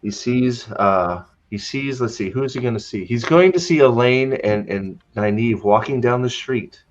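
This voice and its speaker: A podcast host goes on a casual, sarcastic rant, tripping over his words as he mockingly retells scenes. His pitch is medium and his pace moderate, with lo-fi sound quality.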